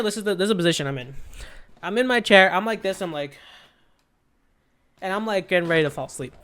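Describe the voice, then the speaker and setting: A young man co-hosting a laid-back comedy podcast, his slightly high voice bright and crisp. He rambles through self-deprecating stories, piling up "um"s and restarts as he goes. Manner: rambling, self-deprecating storyteller with many fillers. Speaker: podcast co-host. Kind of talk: casual comedy podcast chat.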